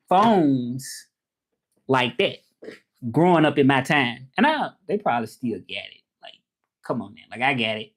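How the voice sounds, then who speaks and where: A man from Memphis, hosting a casual livestream and talking in a relaxed, rambling way with lots of fillers. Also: mid-range voice. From Memphis, USA. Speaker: livestream host.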